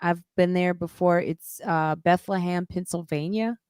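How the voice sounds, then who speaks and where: A woman's voice: on the low side, fairly even intonation, a little slow, darkish tone, clear, resonant tone, no room sound, studio quality. Casual middle-aged woman podcast host. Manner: chatty, loose, swears casually. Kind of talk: casual live-stream chat.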